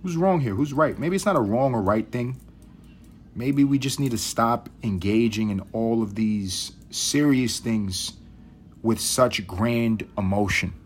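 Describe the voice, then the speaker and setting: A man's voice: on the low side, a little slow, a little hiss or hum. A man hosting a podcast, talking in a rambling, profane, wry casual monologue. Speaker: podcast host. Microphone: podcast mic.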